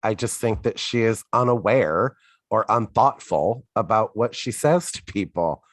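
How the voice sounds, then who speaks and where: A man's voice: lowish voice, expressive, unhurried, no room sound, clean studio sound. A man co-hosting a podcast, chatting casually in a frank, offhand way with a bit of swearing. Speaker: podcast co-host. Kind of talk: casual chat.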